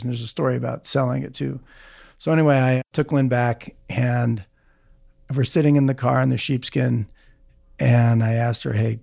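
A man with a gravelly, mid-pitched voice tells a self-mocking story as a podcast guest. He quotes what everyone said and keeps laughing at himself as he goes. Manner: animated anecdote teller, quotes people, laughs at himself. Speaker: orthopedic surgeon guest. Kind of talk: casual storytelling.

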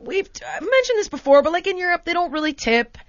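An American woman hosting a podcast, telling a story in a casual, animated way and acting out the exchanges in different voices. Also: extremely high pitch, fast, no room sound. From United States. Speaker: podcast host. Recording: dry, dull lo-fi sound.

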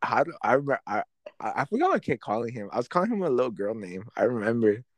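A man's voice: medium pitch, big pitch swings, racing, dry recording. A young man telling a schoolyard fight story in casual, profane slang, acting out his own past lines.

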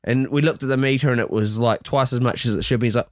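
A man with a New Zealand accent co-hosting a podcast, telling lively stories in casual chat and swearing freely. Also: mid-range voice, quick pace, hardly any pauses, no room sound, clean studio sound. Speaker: podcast co-host. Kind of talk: casual chat over beers.

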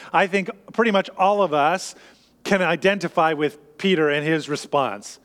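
High-voiced man preaching in a reverberant hall. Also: fairly quick, fairly bright tone. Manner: conversational, explanatory teaching with frequent restarts. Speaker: pastor. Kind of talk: sermon.

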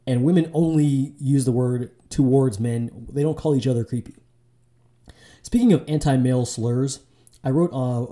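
Man hosting a podcast, very dark voice. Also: medium pitch. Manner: casual, loose talk with fillers and restarts. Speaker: podcast host. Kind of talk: solo podcast monologue.

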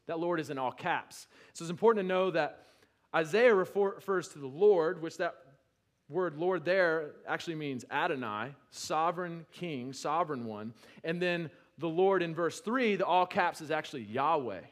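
A male pastor preaching a sermon, conversational with restarts, building to loud emphatic peaks and then dropping low. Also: moderate pace.

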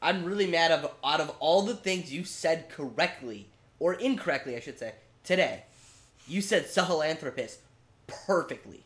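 A man's voice: on the high side, lively intonation, moderate pace, fairly bright tone. A man co-hosting a podcast in casual chat, teasing and mock-exasperated with his friend. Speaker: podcast co-host.

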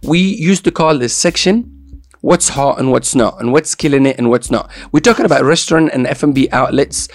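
A man's voice: mid-range voice, brisk. A man hosting a radio show in casual, joking chat, with playful banter and repeated catchphrases.

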